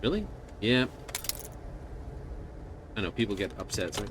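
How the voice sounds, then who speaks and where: A man streams a space game, talking in a low voice that swings animatedly up and down. His chat is sarcastic and casual. The stream audio carries steady background noise and keyboard typing. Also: moderate pace, pauses often. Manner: sarcastic, mimics game characters in quotes. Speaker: gaming streamer. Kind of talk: casual live-stream commentary.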